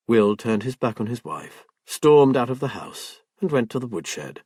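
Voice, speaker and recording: A man reading a crime novel aloud as an audiobook narrator, in a measured storytelling manner. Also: medium pitch, very animated, a little mellow, slightly rough, no room sound, clean studio sound. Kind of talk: scripted narration.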